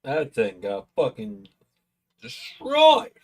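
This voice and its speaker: Tipsy man rambling with lively pitch. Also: takes it slowly, slightly rough. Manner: rambling, swears a lot. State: tipsy from drinking. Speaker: stream host. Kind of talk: casual live watch-along commentary.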